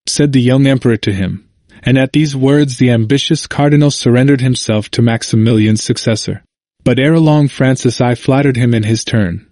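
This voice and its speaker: A man reading a historical narrative aloud in a measured, even manner. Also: medium pitch, dry recording. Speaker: audiobook narrator.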